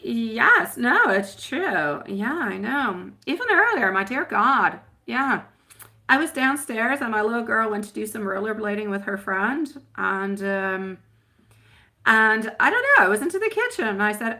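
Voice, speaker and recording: A woman's voice: medium pitch, animated, measured pace, pushed and bright. A woman reading tarot on a live stream, chatting with viewers and calling them sweetie and my love. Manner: chatty, rambling with fillers. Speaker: tarot reader.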